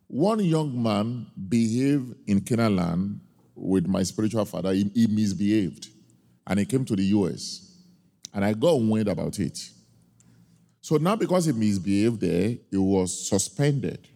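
A man preaching a sermon, telling a personal story with emphatic, drawn-out key points. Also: lowish voice, animated, gravelly, dark tone. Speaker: pastor. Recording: long hall reverb.

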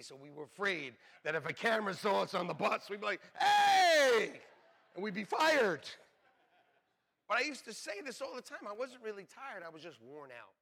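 A man preaching a sermon in a conversational, joking way, dropping to near whispers and building up to shouts. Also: high-pitched. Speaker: pastor.

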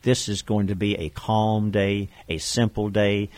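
A man preaching a sermon, animated, chuckling and putting on voices for the figures in the story. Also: lowish voice, a little slow, no room sound.

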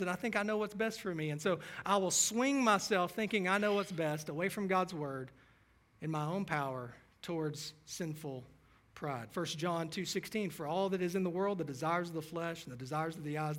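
A man's voice: a little high, moderate pace, fairly bright tone. A man preaching a sermon as pastor, earnest, reading scripture passages aloud.

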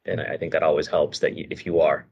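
Husky, low male co-host, a little distant and muffled. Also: flat delivery, fast talker. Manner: supportive, brief backchannels. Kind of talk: casual podcast chat.

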